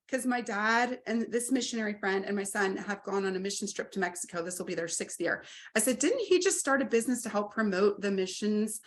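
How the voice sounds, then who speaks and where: A woman in her forties, telling her story as an interview guest and acting out quoted dialogue with energy. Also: on the high side. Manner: animated, acts out quoted dialogue. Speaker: guest, RV business owner.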